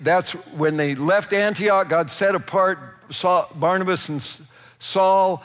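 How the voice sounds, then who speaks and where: Animated preacher in a reverberant hall. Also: male voice, sits high, slow pace. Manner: animated storytelling with laughs and acted-out voices. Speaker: pastor. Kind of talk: sermon.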